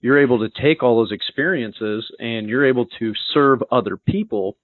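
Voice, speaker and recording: A man's voice: medium pitch, normal speed, no echo. Guy hosting a podcast, thoughtful, lots of restarts, tinny phone sound, dry. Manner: reflective, restarts phrases often. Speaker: podcast host. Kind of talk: conversational interview.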